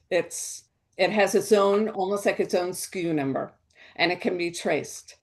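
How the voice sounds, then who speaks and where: A woman's voice: lowish voice, unhurried, darkish tone. A woman giving an educational wine talk, explaining in a chatty way with restarts.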